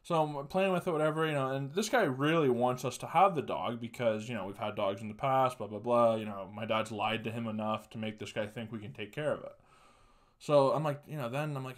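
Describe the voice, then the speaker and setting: A man's voice: mid-range voice, a little fast. A young man hosting a podcast, rambling through a personal story with lots of swearing and laughing asides. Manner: profane, rambling, laughs through sad stories. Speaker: podcast host. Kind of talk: casual storytelling monologue.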